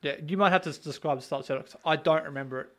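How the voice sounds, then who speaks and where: Fast-talking excitable man. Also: fairly high pitch. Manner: quick, excitable, interrupts. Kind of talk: casual football chat.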